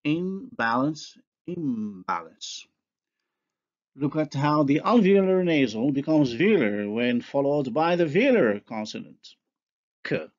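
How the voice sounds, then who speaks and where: A man giving a recorded university phonology lecture, speaking deliberately and pausing to pronounce example words. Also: on the high side, expressive, a little mellow, highs cut off.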